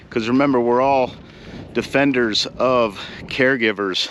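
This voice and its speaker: A man with a lowish voice speaks casually outdoors at a summit, still out of breath from the climb. He muses and wanders, restarting sentences and leaning on fillers. A faint hiss of noise sits under his voice. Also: moderate pace, fairly bright tone, dull audio. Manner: reflective, rambling, with fillers and restarts. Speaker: vlogger, caregiver advocate. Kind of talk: casual talk to camera. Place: outdoors on a mountaintop.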